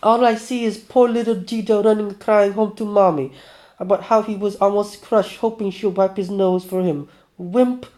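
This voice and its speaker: A man's voice: sits high, moderate pace, warm tone, pitched above the performer's own voice. A man voicing a drunk, boastful village man who jeers and talks big, reading game dialogue aloud. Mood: jeering. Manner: brash, jeering, raised voice.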